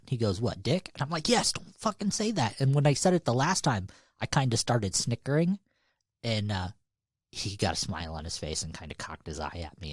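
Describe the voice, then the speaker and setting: A young man with a husky, breathy voice tells stories in a loose, profane podcast chat. His pitch swings widely as he acts out what people said. The sound is close and dry, with no room echo. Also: normal speed. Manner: profane, animated storyteller. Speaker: podcast co-host. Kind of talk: casual chat.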